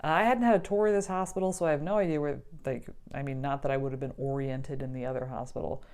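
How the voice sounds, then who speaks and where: A woman's voice: very deep voice, fairly even intonation, fast talker, a little mellow. A young adult woman casually telling a personal story, chatty, often laughing and filling with "like". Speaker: vlogger telling her birth story.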